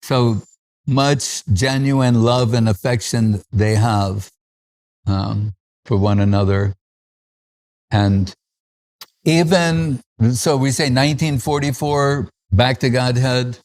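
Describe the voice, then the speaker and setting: Male spiritual teacher, anecdotal festival talk, chuckling, loose fillers, mid-pitch voice. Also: slow, a little mellow. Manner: chuckles often while recalling stories, with frequent fillers.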